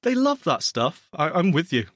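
A man co-hosting a tech podcast in casual chat, teasing and playful, quick to laugh. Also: fairly high pitch, very animated, fairly bright tone, dry recording, clean studio sound. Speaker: podcast co-host.

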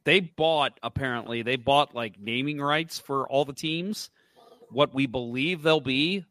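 A man's voice: medium pitch, a little slow, fairly bright tone, dry recording. Blunt, exasperated man on a dry mic. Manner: blunt, exasperated, swears freely. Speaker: podcast co-host. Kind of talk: casual hockey podcast chat.

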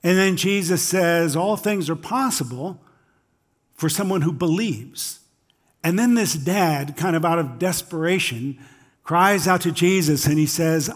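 A man's voice: fairly high pitch, unhurried. A male pastor giving a conversational sermon, stepping into quoted voices when telling stories.

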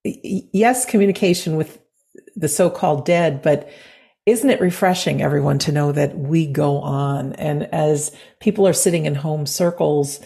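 Low, gravelly-voiced woman podcast host. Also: moderate pace, dark tone. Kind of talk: conversational podcast interview.

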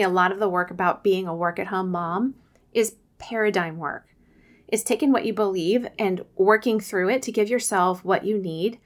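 Earnest woman coaching moms on a podcast. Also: mid-range voice. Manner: earnest, coaching, often acts out quotes. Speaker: podcast host. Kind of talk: podcast talk, faith-based advice.

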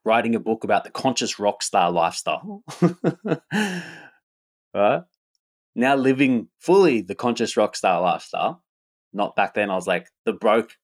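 A man talking about his upcoming event in an energetic, casual monologue, often repeating himself, swearing and tagging "right?" on his lines. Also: on the low side, a little slow, pauses often. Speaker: event host and rapper.

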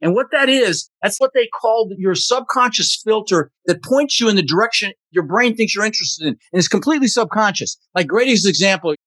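Emphatic high-voiced motivational man. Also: animated, a little fast, hardly any pauses, a bit bright, no room sound. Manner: emphatic, motivational, blunt with mild swearing. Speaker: podcast guest, real estate investor. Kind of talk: energetic interview talk.

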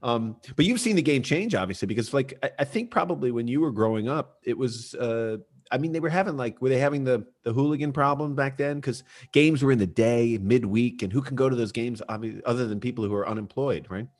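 A man hosting a podcast, joking and energetic, talking loosely with lots of filler words. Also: medium pitch, a little fast, few pauses. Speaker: podcast host. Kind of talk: casual interview chat.

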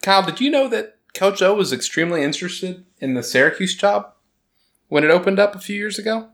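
A man hosting a casual sports podcast, talking in an animated, rambling way that keeps interrupting itself. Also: high voice, brisk. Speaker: podcast host.

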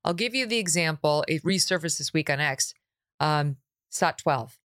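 Blunt, emphatic woman host with a low voice. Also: animated, normal speed, a bit bright, no echo, clean studio sound. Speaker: podcast host. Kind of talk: interview podcast.

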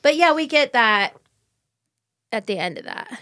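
A woman's voice: fairly high pitch, lively intonation, a little slow, sharp tone, no room sound, clean studio sound. A woman co-hosting a book podcast who chats casually, swears freely and acts out little quotes while telling stories. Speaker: podcast co-host. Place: podcast studio. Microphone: studio microphone.

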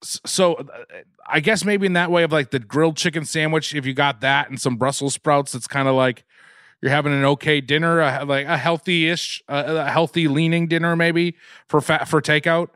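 A man's voice: on the high side, fairly even intonation, moderate pace, a bit bright, clean tone, dry recording, studio quality. A man appearing as a guest on a podcast, chatting casually and rambling, often repeating words and laughing.

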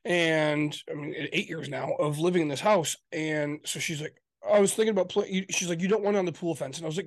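A man's voice: fairly high pitch, quick pace, hardly any pauses, no echo. A man with a Michigan accent, co-hosting a podcast in casual chat, exasperated and swearing a lot as he rants, laughing often. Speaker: podcast co-host.

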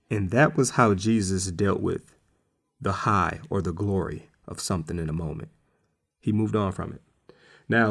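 Casual low-voiced male preacher. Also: vocal fry, breathy edge. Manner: conversational, repeats words for emphasis. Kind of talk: casual sermon.

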